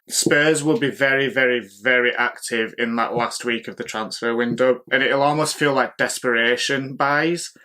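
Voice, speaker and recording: A man runs through his football opinions in a relaxed solo talk, voice sitting at an ordinary middle pitch. He is opinionated and keeps firing rhetorical questions at his listeners. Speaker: football podcast host.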